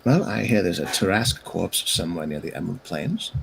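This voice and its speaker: A man's voice: low voice, expressive, a little fast, creaky, poor audio. A man playing a tabletop game, describing his character's actions and speaking in character in a playful, jokey way. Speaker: player. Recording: faint background noise.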